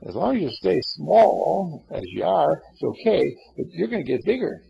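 A man doing a kindly lion, gravelly. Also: a little high, very animated, normal speed, warm tone, voice pushed up, exaggerated voice. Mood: doubtful. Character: big male lion, gruff but kindly. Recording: dull lo-fi recording.

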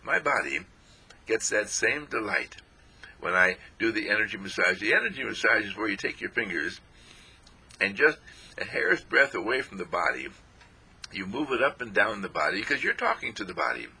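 Gravelly man with a lower voice, animated and playful for an uplifting radio talk. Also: moderate pace. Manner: animated and playful, repeats affirmations. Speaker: spiritual radio speaker.

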